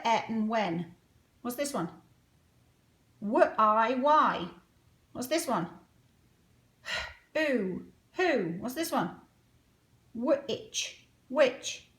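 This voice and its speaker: A woman teaching a phonics lesson to children, sounding out words slowly and clearly. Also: a little high, lively intonation, a bit bright, no room sound.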